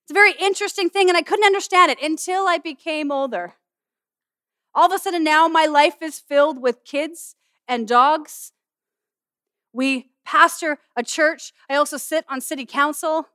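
Animated bright-voiced woman preaching. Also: sits high, normal speed, no room sound, studio quality. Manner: animated, humorous, conversational preaching. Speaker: pastor and student chapel speaker. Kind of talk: sermon with object lesson.

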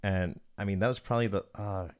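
A man's voice: on the low side, fairly even intonation, quick pace, smooth. A man in his thirties hosting a casual podcast, telling personal stories, swearing often and calling people dude. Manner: swears often, storytelling, says dude a lot. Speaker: podcast host.

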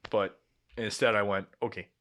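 A man in his twenties telling an animated story in casual podcast chat, swearing freely. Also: medium pitch, brisk. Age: 20s. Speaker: podcast co-host.

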